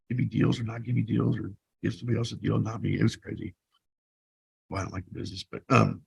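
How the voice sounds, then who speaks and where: Gravelly husky man in his fifties. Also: mid-range voice, a little mellow, rough recording. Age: 50s. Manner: blunt and profane, rambling with restarts. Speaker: vlogger. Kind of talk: casual personal storytelling.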